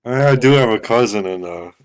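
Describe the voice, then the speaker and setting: A man's voice: mid-range voice, normal speed, clear, resonant tone, no echo. A man playing in a tabletop game, giving short offhand replies. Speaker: player. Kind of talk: casual chat.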